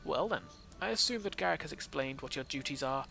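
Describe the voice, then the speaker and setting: A man's voice: fairly high pitch, lively intonation, brisk, creaky, bright, forceful tone, soft background music, exaggerated voice. A man reading out the lines of a haughty actress in a video game, in his own plain voice. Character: boastful haughty actress, adult woman.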